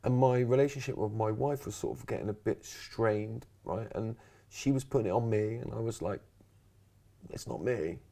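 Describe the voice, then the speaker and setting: A man's voice: fairly low pitch, brisk, gravelly. A man, a coach being interviewed on a podcast, telling his story animatedly and acting out the quotes. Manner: animated storyteller, acts out quotes, many "right?" and "yeah?" tags. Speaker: podcast guest, resilience coach.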